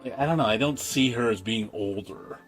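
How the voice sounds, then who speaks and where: Casual: guy streaming a game, chatty and rambly, laughs a lot, middle pitch, some faint music behind. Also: fairly quick, fairly bright tone. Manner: laughs often, rambling, repeats words. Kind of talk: casual chat.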